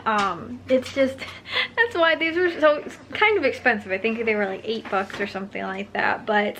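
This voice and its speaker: A woman's voice: fairly high pitch, expressive, normal speed, fairly bright tone, slight background noise. A young woman chatting casually in a home vlog, rambling with lots of fillers and repeats. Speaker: vlogger. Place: home at night.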